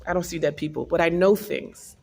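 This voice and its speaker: A woman's voice: lowish voice, brisk, gravelly, a little mellow, in a large hall. A woman vlogger earnestly telling an emotional personal spiritual testimony.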